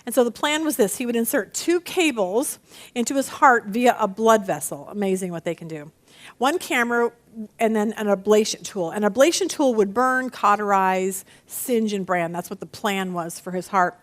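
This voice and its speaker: A woman teaching a Bible study lesson, talking to her listeners in an animated way and acting out the quotes she reads. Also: medium pitch, moderate pace. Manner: animated teaching with dramatic read-aloud voices.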